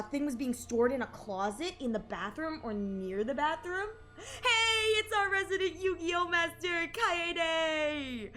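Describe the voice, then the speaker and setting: Giggly high-voiced young woman streamer. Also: pushed and bright. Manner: giggly, playful, chatty with chat. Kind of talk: casual gameplay commentary.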